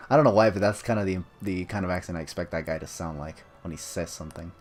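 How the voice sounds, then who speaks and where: Low-voiced man rambling over gameplay. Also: fast, hardly any pauses, a little hiss or hum. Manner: offhand, rambling, joking asides. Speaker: gameplay commentator. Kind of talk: casual let's-play commentary.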